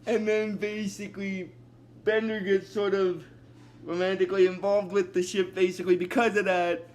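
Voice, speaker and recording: Man, high voice, casual episode recap, rambling, leans on "basically", laughs easily. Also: flat delivery, moderate pace. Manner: breaks into laughter.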